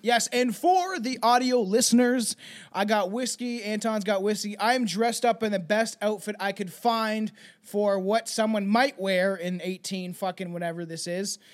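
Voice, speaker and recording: A man's voice: high voice, a little slow. Loose, swearing young male podcast host. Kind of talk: casual podcast chat.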